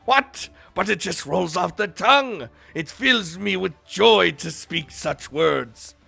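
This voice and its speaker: Guy doing a goofy pirate-talk dude, loud and theatrical, raspy and bright. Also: high-pitched, animated, slow, faint music behind, voice pushed up, exaggerated voice. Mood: earnest. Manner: theatrical, wide-eyed and enthusiastic. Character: otherworldly man speaking stagey pirate lingo.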